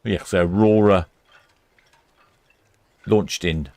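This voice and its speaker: A man's voice: low-pitched, steady tone, extremely slow, creaky, a little mellow, no room sound. A British man hosting a live ship-watching stream, chatting casually and reading out viewer comments. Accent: British English. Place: indoors in a warm room by the quay.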